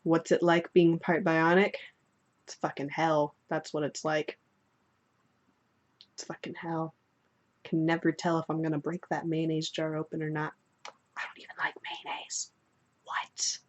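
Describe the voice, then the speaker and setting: A woman's voice: low voice, measured pace, long pauses. A young woman answering follower questions in casual chat, playful and swearing freely as she tells stories. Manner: playful, swearing, animated storytelling. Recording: dull lo-fi sound.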